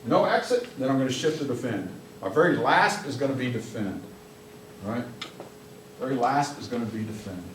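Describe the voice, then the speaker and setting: A man giving a live police training talk to an office audience, blunt and joking, shouting commands when he acts them out. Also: medium pitch, animated, a little fast, slight background noise. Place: office meeting room with audience. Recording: echoey room, mic from a distance.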